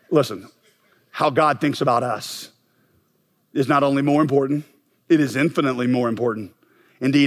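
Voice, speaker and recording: A middle-aged man preaching a sermon as pastor, impassioned and building to emphatic peaks. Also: mid-range voice.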